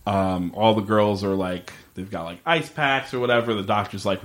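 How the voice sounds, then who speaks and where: A man co-hosting a casual podcast, recapping a TV show. He talks loosely, full of likes and ums, and his voice jumps up in pitch when he acts out what the characters said. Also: normal speed. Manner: animated retelling with filler words, quotes characters in a lively voice. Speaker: podcast co-host recapping a TV episode. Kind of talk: casual chat.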